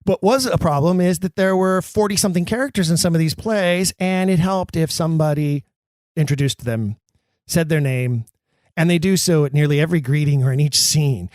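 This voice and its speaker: A man hosting a podcast, teaching Shakespeare acting with emphatic delivery that drops low and slow for dramatic lines. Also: a little mellow, no echo. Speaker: podcast host.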